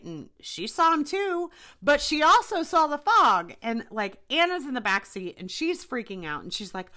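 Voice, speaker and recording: A young woman hosts a podcast and recounts a personal experience in a loose, chatty way, full of "like" and "you know." Her pitch moves a lot and her tone is bright. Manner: chatty, animated retelling with frequent fillers. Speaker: podcast host. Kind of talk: casual storytelling.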